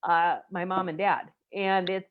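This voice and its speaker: A woman in her forties from the United States, telling a personal story in a casual group chat, animated and emotional. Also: on the low side, a little slow, smooth, phone-quality sound. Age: 40s.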